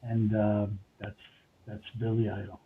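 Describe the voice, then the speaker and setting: An older New York man with a New York accent speaks in a fairly low, level voice at an unhurried pace. He's a recording engineer spinning long, meandering anecdotes packed with fillers and restarts, heard over a tinny phone line.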